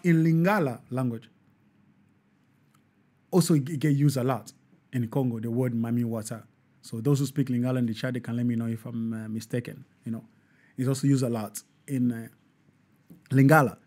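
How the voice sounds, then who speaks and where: Animated male live-show host, husky. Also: mid-range voice. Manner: animated, preachy, hesitant with restarts.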